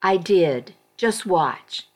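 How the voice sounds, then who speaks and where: A woman's voice: lowish voice, animated, very slow. A woman reading as a sly cynical schemer. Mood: wicked.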